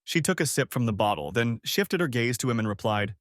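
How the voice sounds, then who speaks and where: A man narrating an audiobook story in an expressive storytelling read. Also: mid-range voice, normal speed, hardly any pauses, no room sound, clean studio sound. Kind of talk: scripted narration.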